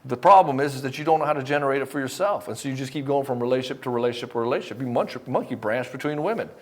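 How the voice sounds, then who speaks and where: In a direct-to-camera motivational talk, a middle-aged man coaches divorced men, blunt and passionate and swearing often. His mid-range voice comes rapid-fire, and at times he acts out both sides of a conversation.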